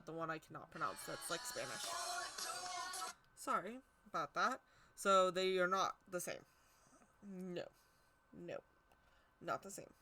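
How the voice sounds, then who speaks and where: A woman's voice: medium pitch, bright, forceful tone. A woman giving a casual, chatty history talk on tarot, stumbling over hard names and poking fun at herself. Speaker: tarot teacher.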